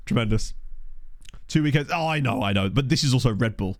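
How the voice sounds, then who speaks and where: A young man talks into a desk condenser mic while streaming a management game, chatting casually and laughing often. His mid-range voice moves fairly quickly with no echo, and he's animated, full of chatty asides.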